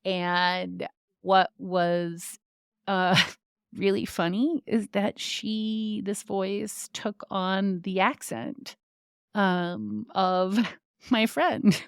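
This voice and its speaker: A woman's voice: medium pitch, very slow, smooth, no room sound, clean studio sound. A young adult woman hosting a podcast, telling a personal story in a chatty way with frequent fillers and laughs. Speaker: podcast host. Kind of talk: casual storytelling monologue.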